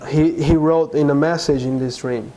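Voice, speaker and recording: Man, from Brazil, interview guest, earnest, halting, mellow tone. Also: on the high side, fairly even intonation, poor audio. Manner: earnest, halting with many restarts. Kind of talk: conversational interview.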